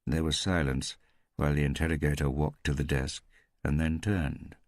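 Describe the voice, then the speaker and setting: Very deep-voiced male audiobook narrator. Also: fairly even intonation, moderate pace, a little mellow, no echo, studio quality.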